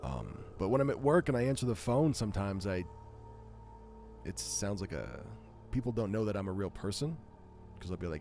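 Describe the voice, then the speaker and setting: Low smooth-voiced man reading horror stories. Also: normal speed, faint music behind. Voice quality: smooth, buttery voice. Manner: self-deprecating, joking, animated. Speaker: live-stream horror story reader. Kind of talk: casual live-stream chat and story reading.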